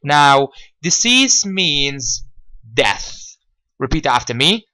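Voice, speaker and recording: A man with an Egyptian accent teaches English vocabulary, his voice sitting a little higher than most men's. He drills each word with repeat-after-me rounds. He restates every point in several ways, at a deliberate teaching pace. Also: big pitch swings, bright, forceful tone, poor audio. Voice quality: deliberate, repetitive delivery, rephrasing each point several times.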